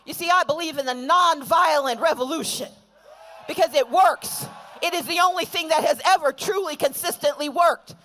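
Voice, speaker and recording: High-pitched woman orator at an outdoor rally; rousing, chant-leading delivery. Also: normal speed, a bit bright, a little hiss or hum. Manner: rousing, call-and-response chanting. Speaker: rally speaker. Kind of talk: rally speech.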